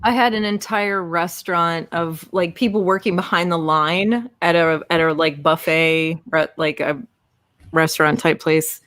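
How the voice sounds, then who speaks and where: A woman in her forties, co-hosting a podcast, chatting casually and telling animated stories with plenty of swearing. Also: on the low side, measured pace, dry recording. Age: 40s. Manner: animated storyteller, swears freely. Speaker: podcast co-host. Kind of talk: casual chat.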